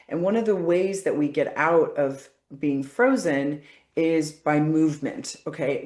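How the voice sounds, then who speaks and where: A woman facilitating a guided body-work session, coaching calmly and often checking in with "okay?". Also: deep voice, reverberant.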